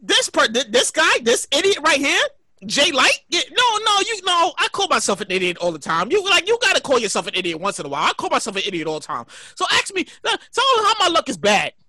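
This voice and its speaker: High, rapid-fire woman storyteller. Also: dry recording, studio quality. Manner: animated, profane, repeats herself. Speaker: podcast host. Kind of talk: casual storytelling.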